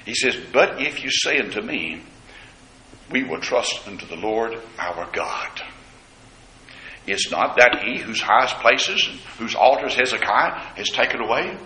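A man's voice: mid-range voice, lively intonation, unhurried, bright, forceful tone, slight background noise. A man preaching a sermon, dramatically acting out the scripture quotes. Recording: echoey church room.

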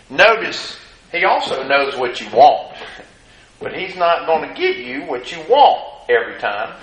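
A man preaching a sermon. He reads scripture in a measured cadence and asks the congregation folksy rhetorical questions. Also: a little high, very animated, a bit bright, a little hiss or hum. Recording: echoey room.

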